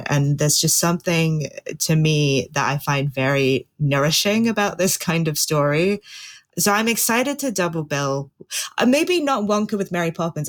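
A woman appearing as a guest film critic on a podcast, chatting casually and enthusiastically about a film she loves. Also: deep voice. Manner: enthusiastic, openly fond of what she discusses. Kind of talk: casual film review chat.

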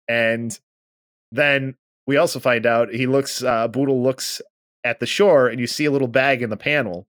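A man co-hosting a podcast, casually recapping a manga and acting out the characters' lines with lively energy. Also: medium pitch, normal speed, no echo, studio quality. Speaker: podcast co-host.

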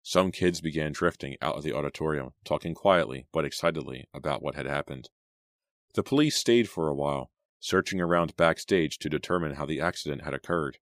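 A man narrating a teen horror audiobook in a deliberate, suspenseful way. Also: extremely low pitch, no room sound, clean studio sound.

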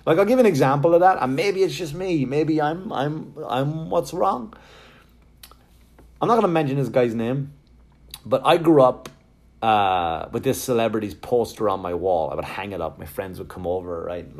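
A middle-aged man performing a stand-up comedy set, telling profane stories and acting out quotes in an animated way. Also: on the low side, moderate pace. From Ireland.

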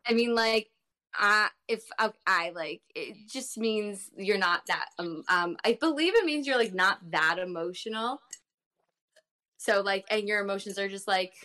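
A woman's voice: medium pitch, a little slow, sharp tone. A young woman guesting on a podcast, talking hesitantly with lots of fillers and frequent laughs. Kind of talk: casual chat.

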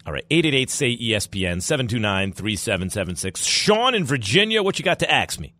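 Animated male sports radio host. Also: medium pitch, no echo. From New York. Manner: animated, rambling, quick asides and laughs.

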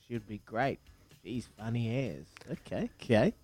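A man's voice: mid-range voice, expressive, a little slow, a little mellow, no echo. A man with a New Zealand accent hosting a breakfast radio quiz, upbeat as he counts down and teases callers.

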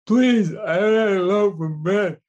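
A man voicing a timid little boy with a speech impediment, high and halting. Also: a little mellow, muffled recording. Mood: polite.

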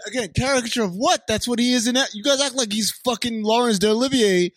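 A man's voice: very high-pitched, fast talker, fairly bright tone, no room sound, clean studio sound. A man co-hosting a comedy podcast, ranting in an exasperated, profane way about a movie. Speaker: podcast co-host. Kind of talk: casual comedic movie talk.

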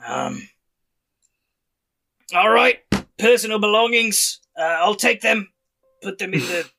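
Man doing a gravelly half-orc overseer, gruff, commanding, raised pitch, bright edge. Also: animated, takes it slowly, soft background music, full character voice. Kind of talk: acting a character in a tabletop game.

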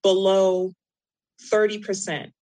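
A woman's voice: medium pitch, level tone, slow pace, mellow, rough recording. A woman co-hosting a casual chat show, explaining practical money tips plainly with asides. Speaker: co-host.

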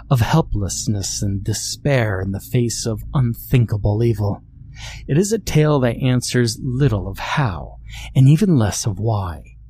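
A man's voice: dark tone, slight background noise, lightly acted. A man doing a sinister silver-tongued storyteller. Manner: low, sinister, dramatic.

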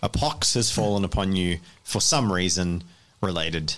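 A man's voice: deep voice, normal speed, fairly bright tone. A man narrating as game master of a tabletop game, rambling and hedging with fillers.

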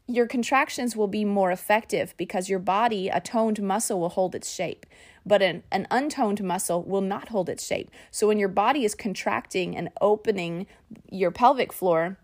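A woman tells a personal story on her podcast. Her voice sits at an ordinary middle pitch for a woman. She speaks in an animated way, laughs often, and says "y'all" to her listeners. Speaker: podcast host.

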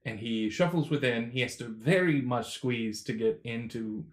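A man serves as game master for a tabletop role-playing game, narrating in a relaxed, halting manner full of fillers. His voice is medium in pitch.

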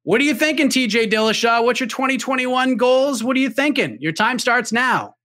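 A man's voice: very high-pitched, animated, fairly quick, sharp tone. A man moderating a casual podcast, running it with upbeat game-show pacing.

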